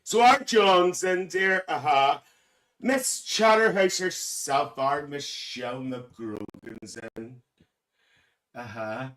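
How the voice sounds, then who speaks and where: A man's voice: fairly high pitch, slow pace, fairly bright tone, recorded from a distance. A man playing a cheeky, gossipy older auntie, hosting a live stream and calling everyone dear. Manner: gossipy, calls everyone dear, laughs often. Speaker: livestream host. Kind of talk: live stream chat in character.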